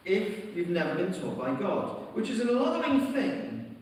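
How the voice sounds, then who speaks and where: A man's voice: sits high, very animated, moderate pace, darkish tone, a little hiss or hum. A man with a British accent preaching a sermon, telling stories with light humour. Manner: storytelling, lightly humorous. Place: large church hall. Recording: echoey hall from far off.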